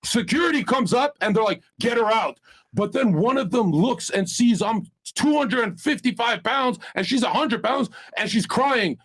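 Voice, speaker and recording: A man's voice: extremely high pitch, animated, moderate pace, few pauses, fairly bright tone, husky. A man on a debate panel, telling crude stories in a brash, profane way. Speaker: panel guest. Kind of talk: heated panel banter.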